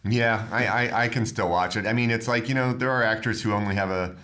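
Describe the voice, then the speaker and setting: A man, a filmmaker guest on a podcast, telling stories in a relaxed, amused way. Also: lowish voice, a little fast. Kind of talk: podcast interview.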